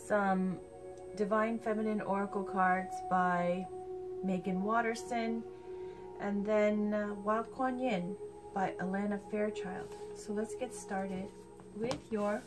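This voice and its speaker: A woman speaks in an easygoing, conversational voice while she reads tarot cards. Her pace is relaxed, and she fills pauses as she thinks aloud. Music plays clearly underneath her voice. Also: medium pitch. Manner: chatty and unhurried, thinking aloud with fillers. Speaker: tarot reader. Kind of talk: casual spoken tarot reading.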